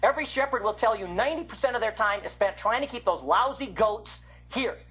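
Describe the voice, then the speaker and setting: Husky older man lecturing. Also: high-pitched, a little fast. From American Midwest. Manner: animated, swings from loud to hushed. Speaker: Bible teacher. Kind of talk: illustrated lecture. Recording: muffled lo-fi recording.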